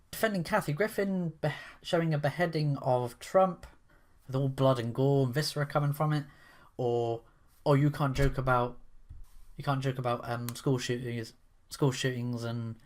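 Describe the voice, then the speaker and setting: A man giving opinionated commentary in a rambling, sarcastic way, full of restarts and asides. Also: mid-range voice. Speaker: commentary vlogger.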